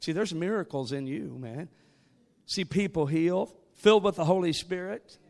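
A man's voice: fairly high pitch, moderate pace, gravelly, a little mellow. A man preaching a sermon, moving from joking asides to rising call-and-response exhortation. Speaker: guest preacher.

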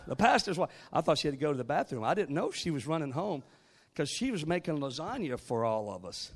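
A man's voice: a little high, big pitch swings, a little fast. A man preaching a sermon, moving from joking asides to rising call-and-response exhortation. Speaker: guest preacher.

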